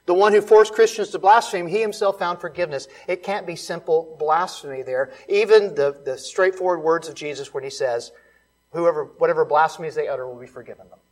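A man preaching a sermon, building to loud, emphatic repeated lines and dropping to soft, hushed ones. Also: a little high, fairly quick, poor audio. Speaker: pastor.

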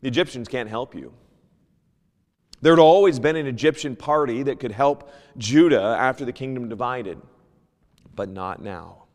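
Guy teaching sunday school from the bible, reads old scripture out loud, gets loud then quiet, echoey church. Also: medium pitch, normal speed. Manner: animated, swings from loud emphasis to hushed asides; reads King James scripture aloud.

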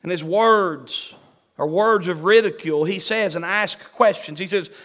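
A man preaching a sermon in an emphatic, animated manner, with a shifting pace. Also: sits high, unhurried.

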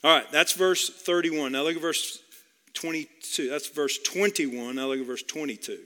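A man's voice: a little high, normal speed, sharp tone, long reverb tail. A man preaching a sermon in an earnest way, repeating key phrases and appealing directly to his listeners. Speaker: pastor.

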